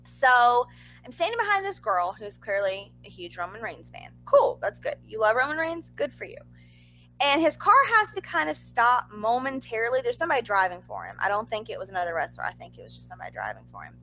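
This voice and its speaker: Bright, high-pitched, animated woman. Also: rough recording. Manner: animated, talks fast with frequent fillers and asides. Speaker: podcast co-host. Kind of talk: casual storytelling chat.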